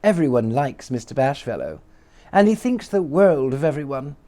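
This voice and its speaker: A man reading a children's story aloud with dramatic, lively delivery. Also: medium pitch, normal speed.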